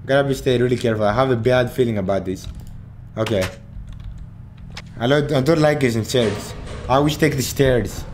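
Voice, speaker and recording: Guy playing a horror game, swearing, yelps and panics at jump scares, average pitch. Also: moderate pace, pauses often, a little hiss or hum. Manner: jumpy, swears a lot, panicked shouting at scares. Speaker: gaming channel host. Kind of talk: horror gameplay commentary.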